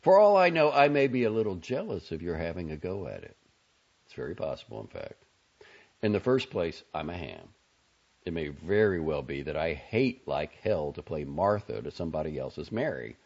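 Teasing outspoken young man in a gravelly low audiobook voice, read by a man, lo-fi. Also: sing-song, normal speed, a little mellow, heavily acted. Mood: earnest. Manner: wry, drawling, sardonic. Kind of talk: audiobook character voice. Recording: dull lo-fi audio.

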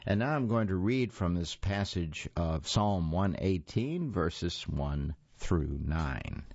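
A deep-voiced man reads a daily devotional and scripture slowly and reverently, his intonation rising and falling a great deal. The recording is dry and a little muffled. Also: animated, darkish tone, no echo. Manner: measured, reverent reading. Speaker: devotional reader.

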